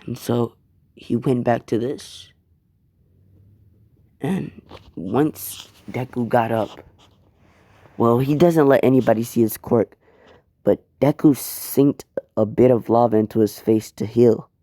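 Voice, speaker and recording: Man, casual fan storyteller, rambling, mellow dark voice, slow pace. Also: mid-range voice, no room sound, clean studio sound. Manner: laid-back, rambling, with swearing.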